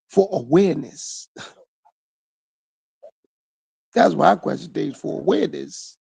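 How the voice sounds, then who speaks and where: Gravelly man musing in a solo podcast. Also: fairly high pitch, expressive, normal speed, darkish tone, no room sound. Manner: repetitive, rhetorical questions. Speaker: podcast host. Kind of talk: reflective solo monologue.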